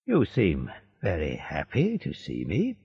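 A man's voice: low voice, huge pitch swings, measured pace, creaky, slightly rough, no room sound, voice pushed down, exaggerated voice. A man reading as a frail old prisoner. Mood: gentle. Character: frail small old male prisoner, sad but kind. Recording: dull lo-fi recording.

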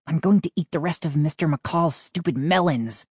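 A woman's voice: deep voice, moderate pace, darkish tone, slightly rough, no room sound, studio quality. A woman voicing an anxious, kind young boy who talks in urgent whispers.

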